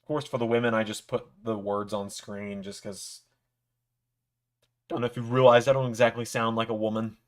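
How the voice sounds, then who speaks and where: A man's voice: on the low side, level tone, moderate pace. A man casually reacting to a wrestling event on a live stream, chatting loosely with a few offhand swears and mumbled asides.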